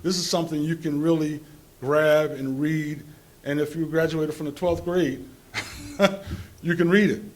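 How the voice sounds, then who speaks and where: A man's voice: a little high, steady tone, measured pace. Man speaking on a conference panel. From New Jersey. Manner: informal, rambling, with restarts and chuckles. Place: conference hall.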